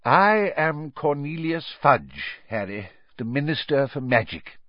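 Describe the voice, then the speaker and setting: A man's voice: on the high side, very animated, a little slow, dry recording, lo-fi sound, voice pushed up. A man doing a testy portly minister. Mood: stern. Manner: curt and pointed. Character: portly, testy middle-aged male minister.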